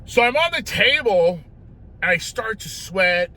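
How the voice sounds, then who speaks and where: A man's voice: high-pitched, expressive, a little slow, sharp tone, a little hiss or hum. A man vlogging in a casual, self-mocking storytelling way, often tagging his lines with "right?".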